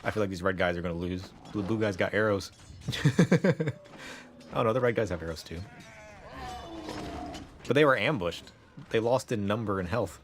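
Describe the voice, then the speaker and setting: A man's voice: fairly low pitch, animated, moderate pace, pauses often, slight background noise. A young man casually commenting on a game he is streaming, laughing often and saying "like" a lot.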